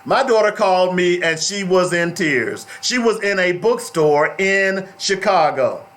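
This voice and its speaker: A man's voice: high-pitched, animated, unhurried, a bit bright. A middle-aged man hosting a talk radio show, speaking in an emphatic, preachy way and repeating phrases for stress.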